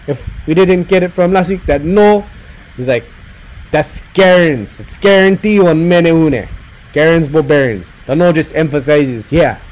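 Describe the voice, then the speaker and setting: A man teaching a recorded slideshow lesson, repeating phrases slowly for the learners to echo. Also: on the high side, a little mellow. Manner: slow, drills phrases with rising repetition. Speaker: Hawaiian language teacher.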